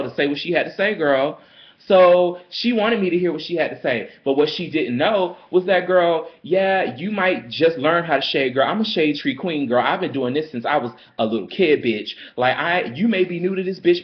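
A man's voice: medium pitch, muffled recording. A man telling a story in a sassy, dramatic way, calling the listener girl and honey. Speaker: vlogger. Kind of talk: casual storytime rant.

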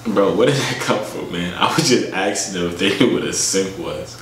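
A man's voice: low-pitched, normal speed, a bit bright. A young man vlogging and chatting with strangers online, joking and teasing in slang. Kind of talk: casual prank chat. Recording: echoey room with faint noise.

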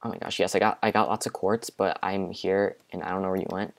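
A young man giving casual let's-play commentary from his bedroom, excitable, with panicky outbursts and repeated exclamations. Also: sits low, fast, vocal fry. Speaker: gaming video creator. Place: home bedroom.

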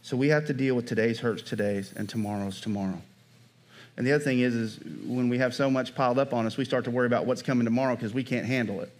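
A pastor preaching a sermon in a conversational way, often checking in with the congregation by asking "Amen?" and "right?". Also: male voice, medium pitch, fast, a little mellow.

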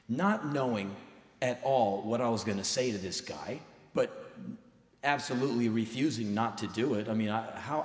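On stage before a live audience, a man tells a story intensely and emphatically, acting out the dialogue as a spoken word performer. His mid-range voice moves at normal speed, and the hall recording is reverberant.

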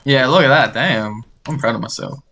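A man's voice: mid-range voice, moderate pace, bright, forceful tone, a little hiss or hum. A man in casual chat with friends while playing an online shooter, laughing often and joking around. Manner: chatty, laughs often, playful. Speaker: gamer.

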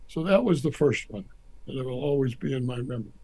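A man's voice: mid-range voice, quick pace, slightly rough, rough recording. An older American man, a former ambassador, telling anecdotes in an interview and acting out the people he quotes. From United States. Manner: animated storyteller acting out quotes.

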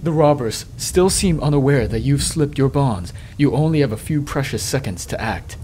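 Man, mid pitch, game text read aloud, measured dramatic delivery, let's play commentary, faint background hiss. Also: lively intonation, dark tone. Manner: measured dramatic reading, dropping low and slow on ominous lines.

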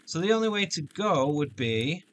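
A man's voice: on the high side, very animated, normal speed, a bit bright, slight background noise. A man giving playful, joking let's-play commentary on a shooter game. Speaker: gameplay commentator.

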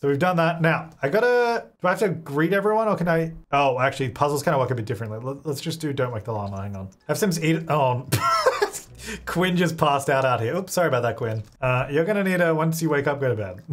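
A young man casually commenting while he plays a life-sim game, chatting to his characters and laughing often. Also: fairly high pitch. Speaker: gaming channel host. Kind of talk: casual let's-play commentary.

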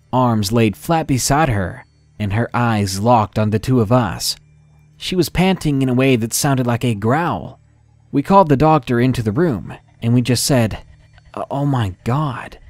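A man reading a first-person horror story in a measured, dramatic narration style. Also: medium pitch, a little mellow, dry recording.

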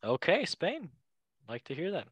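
A young man hosting a casual football podcast, playful and quick to laugh, with goofy asides. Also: on the high side, huge pitch swings, a bit bright, slightly rough, dry recording, lo-fi sound. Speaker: podcast host.

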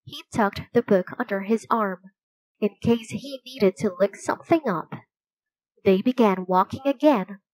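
A woman reading a children's story aloud in a slow, clear, gentle storytelling way. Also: medium pitch, no room sound, poor audio. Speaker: storybook reader.

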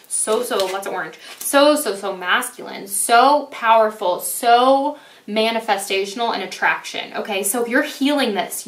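Gushing tarot reader in an echoey room. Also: female voice, a little high, fairly bright tone, distant mic, slight background noise. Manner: gushing, emphatic, swears casually. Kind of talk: casual tarot reading to viewers. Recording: echoey room, voice a bit off-mic.

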